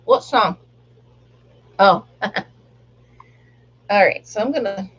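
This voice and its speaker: Woman, middle-aged, husky voice, dull lo-fi sound, casual live-stream chat, laughs often. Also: medium pitch, takes it slowly, pauses often. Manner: chatty, laughs often, sings along softly. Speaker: livestream crafter.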